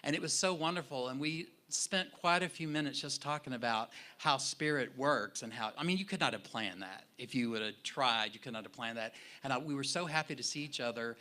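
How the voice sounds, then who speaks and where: A man's voice: mid-range voice, a little fast, few pauses. A man preaching a sermon in a church sanctuary, telling personal stories in a conversational way. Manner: warm conversational storyteller, animated in retellings. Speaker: minister.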